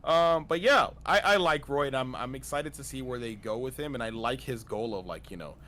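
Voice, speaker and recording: Speaking at a brisk clip in a medium, slightly bright voice, this male guest on an anime stream chats loosely, restarting often and leaning on filler words.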